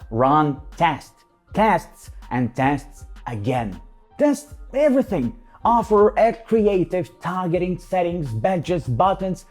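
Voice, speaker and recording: A man reading a scripted promotional voice-over for an ad network in a lively, emphatic delivery. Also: high voice.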